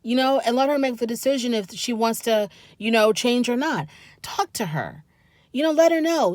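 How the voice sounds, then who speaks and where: Animated woman reviewing reality TV, dry sound. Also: a little high, a little fast, no echo. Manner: animated, scolding, talks straight to the people on the show. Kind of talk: casual commentary.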